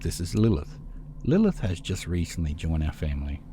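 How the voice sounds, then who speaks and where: A man voicing Zack, a calm and menacing old vampire leader, speaking solemnly and with command. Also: sits low, moderate pace, a little hiss or hum.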